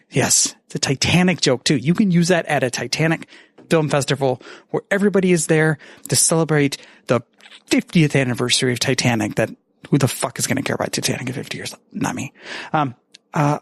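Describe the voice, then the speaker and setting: Gravelly man telling deadpan puns. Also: mid-range voice, fairly quick, no echo, clean studio sound. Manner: deadpan bad puns, swearing, self-mocking. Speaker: podcaster sending a message. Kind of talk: recorded message, joking monologue.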